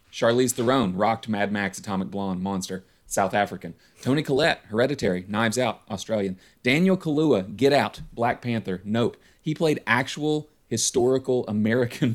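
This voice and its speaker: A male podcast host chatting casually from home, quick to laugh and fond of playful apologetic asides. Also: on the low side. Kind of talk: casual chat.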